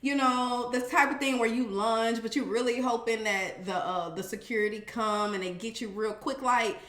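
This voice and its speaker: A woman recaps a reality episode in a casual, sassy way, swearing freely and acting out what people said. Her voice sits fairly high. The room around her is echoey. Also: moderate pace. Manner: animated, profane, sassy commentary with acted-out quotes.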